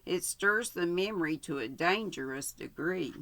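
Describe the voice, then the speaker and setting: An older woman, the channel host, reading a story aloud casually, unhurried and stopping to correct herself. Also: on the low side, lively intonation, fairly bright tone.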